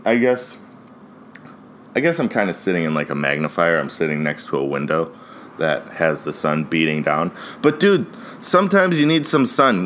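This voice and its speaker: A man's voice: medium pitch, a bit bright, a little hiss or hum. A man in his mid-twenties from Ohio, hosting a casual solo podcast, rambling with lots of "like" and "dude", swearing and laughing often. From Ohio, USA. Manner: frequent fillers "like" and "dude". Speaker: podcast host.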